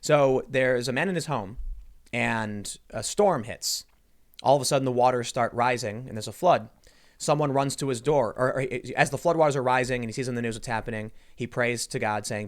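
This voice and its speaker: A man talking quickly in a casual podcast chat. He tells an old story and switches into the voices of its characters, with a middle-pitched voice. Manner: quick, animated storytelling, acting out quoted voices. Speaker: show host.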